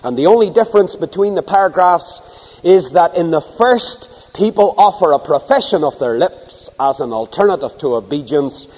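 Man preaching with sweeping dramatic pitch. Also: animated, normal speed, big-room sound, low-quality recording. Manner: dramatic swings from loud emphasis to hushed asides. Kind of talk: sermon. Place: church before a live congregation.

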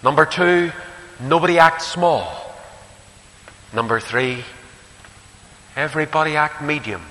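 A man's voice: fairly high pitch, slow, sharp tone. An older man with a Northern Irish accent preaching a sermon, telling stories with shifting emphasis. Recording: echoey hall with faint hiss.

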